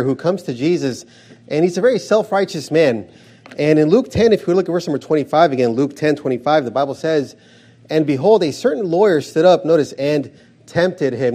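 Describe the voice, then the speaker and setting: A male preacher working through scripture, stopping every few words to say "notice" and press his point. His voice sits a little high for a man yet sounds dark and mellow. He talks with emphatic, steady conviction. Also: breathy edge. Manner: repeats "notice" while reading verses aloud, emphatic. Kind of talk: expository sermon reading scripture.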